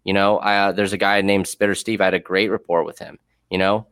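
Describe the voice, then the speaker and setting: A man's voice: low-pitched, level tone, a little fast, fairly bright tone, clear, resonant tone, no echo, clean studio sound. A man who worked as a prison guard, telling blunt, profane stories in a casual podcast chat that turn heated.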